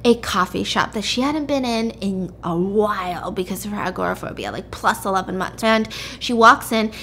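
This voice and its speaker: A woman's voice: medium pitch, normal speed, a bit bright, slight background noise. A woman podcast host retelling a story in casual chat, peppering it with "like" and "freaking". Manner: chatty, lots of "like" and "freaking".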